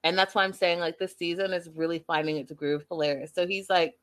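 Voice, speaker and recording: A chatty woman hosting a live recap show, talking straight to her viewers in an easy, expressive voice. She reads out viewer comments, sounds amused, and keeps the talk loose and conversational. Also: on the low side, fairly quick, slight background noise. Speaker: host recapping a reality show.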